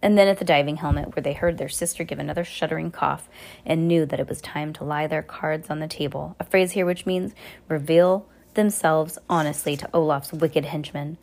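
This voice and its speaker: Woman narrating a chapter aloud, lowish pitch, casual self-corrections. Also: steady tone, a little fast, creaky, a little mellow. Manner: stumbles and corrects herself aloud. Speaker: audiobook reader. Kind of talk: amateur book reading.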